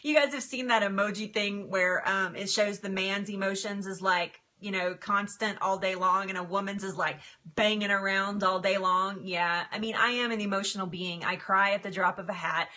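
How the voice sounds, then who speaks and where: A middle-aged woman chatting casually on a live stream, emotional and quick to laugh, answering viewer comments. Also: mid-range voice, fairly even intonation, bright, forceful tone. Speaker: livestream host.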